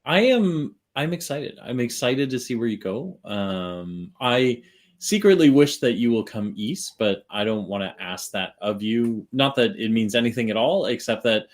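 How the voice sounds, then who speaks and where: A man's voice: medium pitch, animated, normal speed. A man hosting a podcast, chatting casually and rambling with lots of fillers. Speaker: podcast host. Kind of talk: casual chat.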